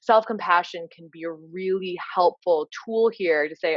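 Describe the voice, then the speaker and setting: A woman's voice: on the low side, moderate pace, few pauses, no room sound, muffled recording. A woman coach giving an informal lecture, earnest and explanatory, often filling with "you know". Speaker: leadership coach.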